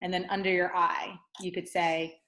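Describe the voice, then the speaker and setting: A woman's voice: lowish voice, flat delivery, normal speed, fairly bright tone. A woman guest explaining something in casual chat, tagging her sentences with "like" and "right?", heard over a video call. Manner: chatty, many "like" and "right?" tags. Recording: roomy video call audio.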